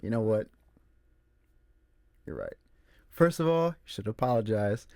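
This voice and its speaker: A man hosting a casual solo movie talk, emphatic and animated, repeating his points. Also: lowish voice, unhurried. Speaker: movie review host. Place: room with a squeaky chair.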